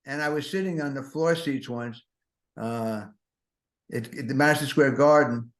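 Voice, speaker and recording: A man in his seventies with a mid-range voice hosts a podcast at normal speed, rambling through comic stories packed with self-mocking, neurotic asides. The recording has a roomy echo.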